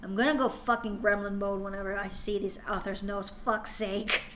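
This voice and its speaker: A woman's voice: mid-range voice, steady tone, normal speed, heavy background noise. A woman streamer reading a story aloud for laughs, with exasperated, mocking asides. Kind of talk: comedic dramatic reading with commentary.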